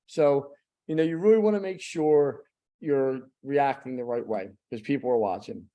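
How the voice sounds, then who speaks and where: A man's voice: mid-range voice, moderate pace, warm tone. A middle-aged man giving a blunt, emphatic motivational talk as a guest speaker.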